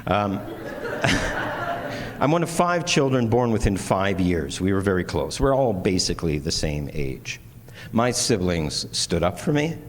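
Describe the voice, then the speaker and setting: A man's voice: sits low, very animated, measured pace. A man giving an earnest, candid conference speech with self-deprecating humor. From Canada. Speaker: conference speaker. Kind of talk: personal keynote speech. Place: large conference hall. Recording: long hall reverb, faint noise.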